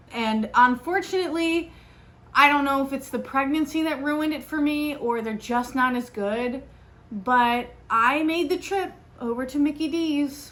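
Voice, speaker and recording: A young woman hosting a podcast, telling a story in a chatty, animated way with lots of fillers. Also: on the high side. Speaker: podcast host. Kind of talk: casual solo podcast chat.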